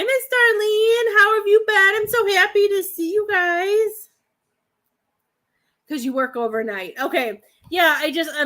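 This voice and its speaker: A woman's voice: fairly high pitch, bright, forceful tone. A woman in her thirties giving a rambling, hesitant psychic reading to viewers on a live stream, full of fillers and restarts. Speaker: psychic medium.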